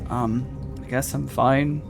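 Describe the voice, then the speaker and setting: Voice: mid-range voice, level tone, takes it slowly, creaky, over music. A game master doing a sullen hurt teenage boy. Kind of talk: tabletop role-play.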